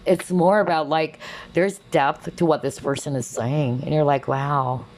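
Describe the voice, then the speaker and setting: Low-voiced woman giving a tarot reading. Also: steady tone, unhurried, a little mellow. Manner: chatty, exclaims often, many fillers. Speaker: tarot reader. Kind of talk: collective tarot reading to camera.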